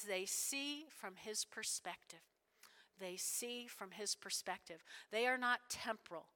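A woman preaching a sermon in a lively, animated way, checking in with the congregation with frequent "all right?" and "right?". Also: mid-range voice, a little slow. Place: church sanctuary. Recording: long hall reverb.

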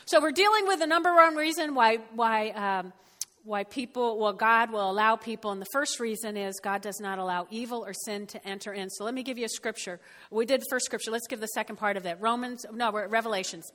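A woman pastor preaching a lively, folksy sermon to a congregation. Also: fairly high pitch. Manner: lively, folksy, with whoops and laughs. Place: church. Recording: church hall reverb.

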